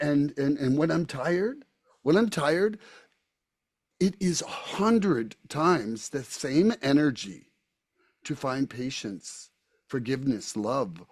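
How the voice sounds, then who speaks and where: A man's voice: medium pitch, a little mellow. A man hosting a recovery podcast, speaking candidly and casually, often repeating his words as he thinks. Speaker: podcast host.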